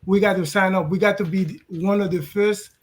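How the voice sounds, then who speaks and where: A man from Haiti, telling his story on a video call, earnest and hesitant with pauses. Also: sits high, fairly even intonation. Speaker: client and guest on a live call. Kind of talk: casual testimony on a video call.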